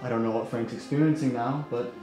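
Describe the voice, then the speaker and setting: A man voicing a world-weary undead man with a dark, mellow voice and dry, clipped phrasing. Recorded in an echoey room with faint music underneath. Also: mid-range voice, steady tone, brisk, close to an everyday voice. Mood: gloomy. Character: weary undead man who craves brains.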